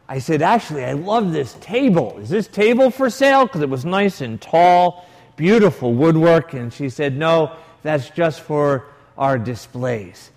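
Male priest, unhurried sermon delivery, lively storyteller, echoing church hall. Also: fairly high pitch. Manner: storytelling with quoted dialogue, varied emphasis. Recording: long reverb of a large hall.

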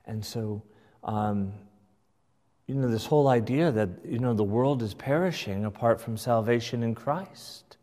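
A man as pastor teaching his congregation in a church, measured and emphatic, often checking in with "right?". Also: medium pitch, mellow. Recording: long hall reverb.

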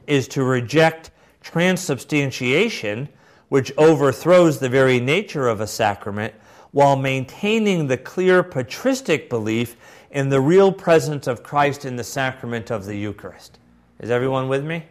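A man lecturing a class on church doctrine, explaining points and adding brief asides between quotations. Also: mid-range voice.

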